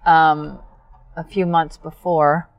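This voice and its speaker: A middle-aged woman telling stories in a dry, understated way, pausing often on ums in casual chat. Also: sits low, level tone, no room sound, dull audio. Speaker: guest.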